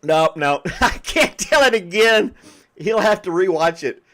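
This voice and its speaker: A man's voice: sits high, expressive, measured pace, bright, forceful tone. A man hosting a podcast in casual chat, often breaking into laughter. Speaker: podcast host.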